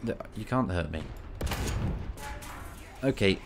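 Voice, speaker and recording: A man giving excitable, casual commentary over a tank game, bantering at enemies with mock outrage. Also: low voice, slow pace, vocal fry, a little hiss or hum. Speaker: gaming video creator.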